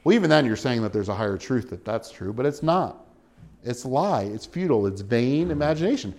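A man preaching a sermon, animated, with wide swings in pitch and volume and frequent chuckles. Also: brisk. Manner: chuckles often while preaching.

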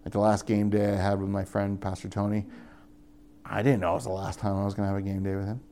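A young adult man preaches in a casual, conversational way, his voice gravelly with fry. He often pushes into higher, more emphatic appeals, then settles back down. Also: flat delivery, fast talker, warm tone, a little hiss or hum. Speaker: pastor. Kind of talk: sermon.

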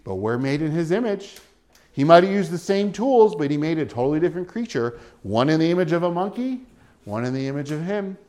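A man preaching a sermon, animated, with wide swings in pitch and volume and frequent chuckles. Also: brisk. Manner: chuckles often while preaching.

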